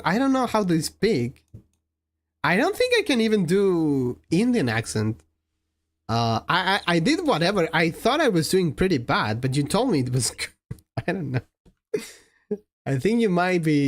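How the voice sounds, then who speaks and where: A woman's voice: lowish voice, sing-song, normal speed. A woman streamer chatting casually with viewers, laughing often and speaking with non-native phrasing. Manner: giggly, laughs often while answering chat. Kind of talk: casual live-stream chat.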